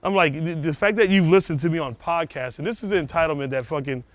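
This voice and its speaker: A man with a somewhat high voice talks in loose, lively chat while walking down a street outside. He swears freely and slips into other people's voices to act out what they said. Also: fast, no room sound. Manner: animated, profane, acts out quoted people. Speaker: comedian guest. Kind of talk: casual chat. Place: outdoors on a neighborhood street.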